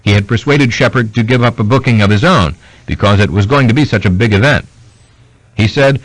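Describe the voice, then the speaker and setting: A man reading a biography aloud as an audiobook narrator, in steady scripted narration. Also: fairly low pitch, brisk, no room sound, poor audio. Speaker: audiobook reader.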